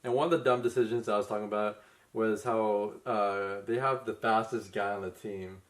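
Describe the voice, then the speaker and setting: Lower-voiced man co-hosting a film review. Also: fairly even intonation, normal speed. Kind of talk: casual review chat.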